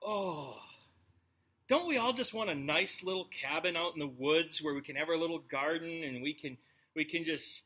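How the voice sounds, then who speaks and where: High, bright-voiced man teaching scripture. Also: normal speed. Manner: conversational, joking asides to the congregation. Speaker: pastor. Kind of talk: casual verse-by-verse Bible teaching.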